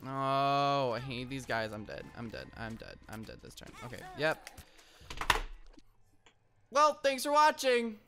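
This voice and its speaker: In a mid-range, sing-song voice that sounds pushed and bright, a young gaming host at home talks unhurriedly and pauses often. He tells a meandering story during play, full of ums, and gets frustrated with the game in bursts.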